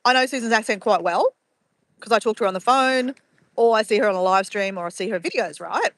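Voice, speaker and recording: A woman's voice: medium pitch, fast, a bit bright, no echo. A woman streaming live from her phone outdoors at sunrise, chatting casually and reading out viewers' messages. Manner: chatty, greets viewers by name and reads chat aloud.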